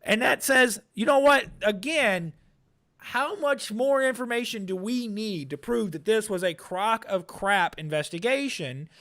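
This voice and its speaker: A man's voice: high voice, expressive, measured pace, a bit bright. A man co-hosting a political podcast, talking in an emphatic, argumentative way and often repeating words as he starts a point. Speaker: podcast co-host. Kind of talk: political commentary chat.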